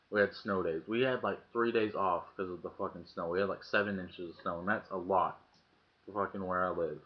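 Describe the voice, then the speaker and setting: Low-voiced man, lo-fi webcam story. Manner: profane, acts out quoted lines in the story. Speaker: vlogger. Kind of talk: casual storytelling. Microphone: webcam mic. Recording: dull lo-fi webcam audio.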